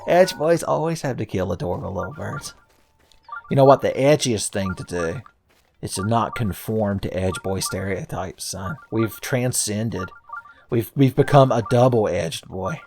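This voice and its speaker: A man's voice: on the low side, unhurried, vocal fry, a little mellow, faint music behind. A man hosting a let's play, rambling and joking through casual gameplay commentary, swearing freely and laughing often.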